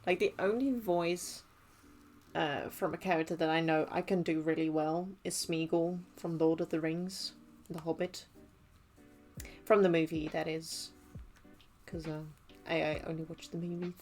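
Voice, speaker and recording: Young woman, casual stream chat, unhurried and low, laughs between halting phrases. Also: steady tone, a little mellow, faint music behind. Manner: giggly, hesitant, many restarts. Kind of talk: casual livestream chat while crafting.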